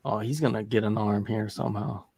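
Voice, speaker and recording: A man's voice: on the low side, fairly even intonation, a little fast, gravelly, darkish tone, husky. A man co-hosting a casual live fight watch-along chat, joking and laughing often. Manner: joking, laughs often, slips into silly accents. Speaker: podcast co-host.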